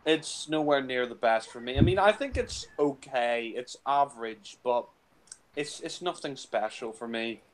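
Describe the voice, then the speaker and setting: A man's voice: mid-range voice, lively intonation, a little slow, poor audio. A man casually commentating on a film, blunt and crude, with lots of fillers like "you know".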